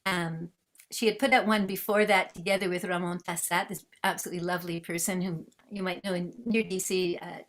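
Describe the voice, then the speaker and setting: A woman from Canada, a guest musician and researcher, telling anecdotes in a lively conversational way over a video call. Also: fairly low pitch, a little fast. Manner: lively, acts out dialogue in anecdotes. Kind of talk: conversational storytelling.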